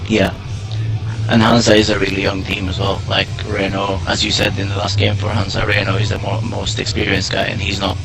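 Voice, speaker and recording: Flat, gravelly-voiced co-commentator man. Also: low-pitched, a little fast, music in the background, low-quality recording. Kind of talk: sports commentary.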